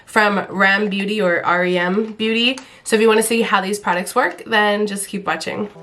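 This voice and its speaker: A woman's voice: medium pitch, steady tone, normal speed. A young woman vlogger with a stuffy nose from illness, chatting casually through a makeup review with rambling, self-deprecating asides. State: stuffy-nosed and hoarse from illness. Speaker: beauty vlogger.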